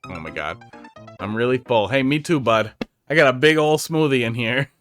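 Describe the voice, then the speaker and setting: A man's voice: mid-range voice, lively intonation, moderate pace, a bit bright. A man giving casual, sarcastic commentary while reviewing viewer-made game levels on a stream, over faint game music. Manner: sarcastic, jokey, chatty.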